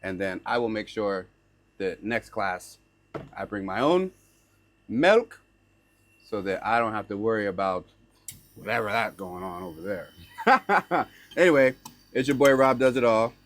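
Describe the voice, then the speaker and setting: A young man vlogging, telling a casual story to camera in a lively, slangy way, with lots of "like" and "right?", dropping in learner Norwegian words. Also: on the low side, measured pace, pauses often. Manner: slips into learner's Norwegian phrases.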